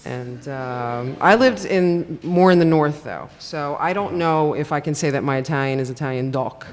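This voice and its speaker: A man's voice: a little high, moderate pace. A man translator at a live panel, chatty and self-deprecating, laughing easily. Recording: reverberant hall.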